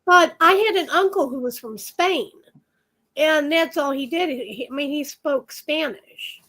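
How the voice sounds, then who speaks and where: A chatty woman sharing stories in a casual live chat, laughing easily. Her voice sits high and sounds bright. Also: unhurried. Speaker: livestream co-host.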